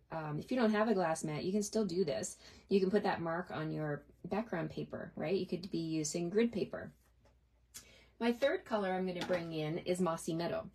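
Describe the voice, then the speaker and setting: Middle-aged female craft demonstrator, lower-pitched, friendly step-by-step explainer who answers viewer questions. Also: darkish tone. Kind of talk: live card-making tutorial.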